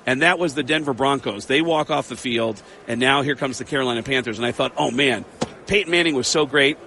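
A man who is a stand-up comedian, telling animated anecdotes and acting out the exchanges he quotes. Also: mid-range voice. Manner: excitable, quick storyteller who acts out quoted exchanges.

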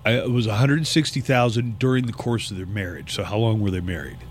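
A man's voice: fairly low pitch, slight background noise. A middle-aged man hosting a morning radio show, trading casual jokes and reading news and listings. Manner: wisecracking, conversational, reads listings briskly.

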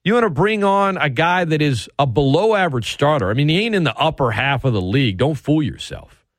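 On sports radio, a man launches into a heated, sarcastic, emphatic rant, his fairly high voice swooping wildly as he hammers his points home. He is animated and fairly quick, and the close studio sound is dry with no echo.

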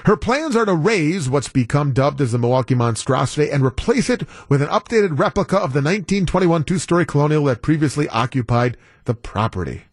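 A man's voice: on the high side, big pitch swings, a little fast, few pauses, no room sound, clean studio sound. Wry man hosting talk radio. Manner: wry, incredulous storytelling. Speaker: radio talk show guest host. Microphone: studio broadcast mic.

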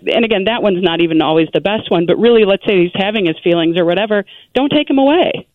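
A woman's voice: medium pitch, quick pace, no room sound. Woman on a tinny phone line. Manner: earnest, animated, many "you know" asides. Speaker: parenting guest expert. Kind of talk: conversational advice.

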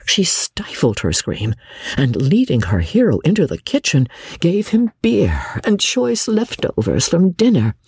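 A man narrating a classic novel as an audiobook, reading in an expressive storyteller's manner. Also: a little high, a little slow, slightly rough, no echo, studio quality.

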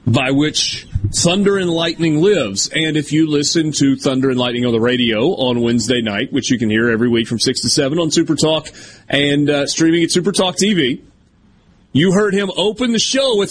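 A man's voice: a little high, normal speed, a little hiss or hum. A man hosting a sports radio show, teasing and playfully interrupting his co-hosts in casual banter.

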